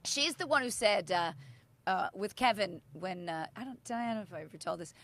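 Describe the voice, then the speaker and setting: A woman's voice: mid-range voice, expressive, fairly quick, fairly bright tone. A middle-aged woman, co-hosting a casual podcast chat and telling stories, acting out quotes and swearing freely. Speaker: podcast co-host.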